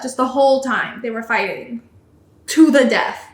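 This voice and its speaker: A young woman hosts a casual podcast race recap. She rambles happily, fills gaps with ums and likes, and sits slightly high in her voice. The room around her has a noticeable echo. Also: moderate pace, a bit bright. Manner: chatty, lots of ums and likes, quotes radio calls. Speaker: podcast host. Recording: echoey room.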